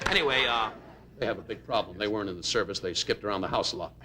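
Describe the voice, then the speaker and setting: A man doing rapid insult comedy as a talk show guest, jabbing at the host and guests and slipping into mock voices. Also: fairly low pitch, slight background noise. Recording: old broadcast, loud studio audience.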